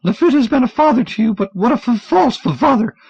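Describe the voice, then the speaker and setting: A man's voice: extremely high pitch, expressive, fast talker, creaky, a little mellow, slightly rough, no room sound, pitched above the performer's own voice, heavily acted. A man voicing a frantic, stammering man running from gangsters, stuttering on first sounds. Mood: urgent. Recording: dull, dry audiobook recording.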